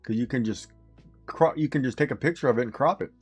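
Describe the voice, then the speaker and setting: A man co-hosting a casual chat, explaining his points with deadpan humor. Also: mid-range voice, quick pace, breathy edge, faint music behind. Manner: explaining, dryly joking.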